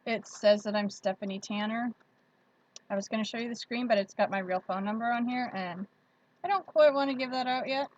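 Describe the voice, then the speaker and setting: With a mid-range voice and lo-fi audio, a woman runs a casual livestream, friendly as she reads comments and says hello to viewers by name.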